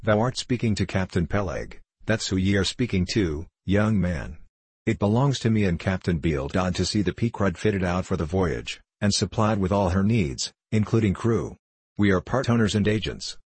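A man voicing a gruff, suspicious old Quaker whaling captain in an audiobook, speaking bluntly in old-fashioned thee-and-thou speech. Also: sits low, expressive, normal speed, a little mellow, dry recording. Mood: stern. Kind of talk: audiobook character reading.

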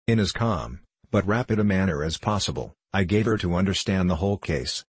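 A man narrates a classic novel in first person with measured, earnest storytelling. His voice is deep and husky. The recording is dry and close. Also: lively intonation, no echo. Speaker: audiobook narrator.

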